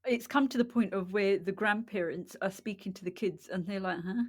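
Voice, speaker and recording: A woman's voice: mid-range voice, a little fast. A middle-aged woman from England co-hosting a casual podcast chat, telling family stories with frequent laughs. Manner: storytelling, laughs often. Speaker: podcast co-host.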